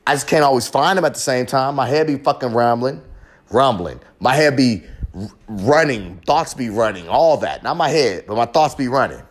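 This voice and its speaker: A man's voice: medium pitch, lively intonation, normal speed. A man hosting a podcast, delivering a raw, profane, rambling confessional monologue with real passion. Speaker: podcast host.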